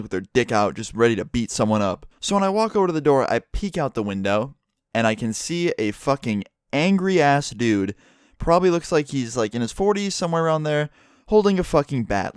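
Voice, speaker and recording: A young man telling a story to his vlog audience in an excitable, profane way, from his room at home. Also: mid-range voice, smooth, no echo, studio quality. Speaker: vlogger.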